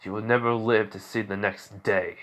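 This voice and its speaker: Izuku, a man doing a quiet, menacing teen boy. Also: on the low side, little pitch movement, normal speed, natural voice. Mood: cold.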